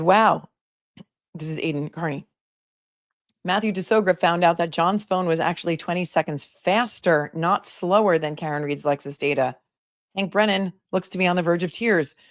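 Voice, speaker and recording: A woman attorney hosts a live commentary stream, chatting casually and sarcastically as she reads viewer comments aloud. Her voice is fairly low, and the studio-quality recording has no room sound.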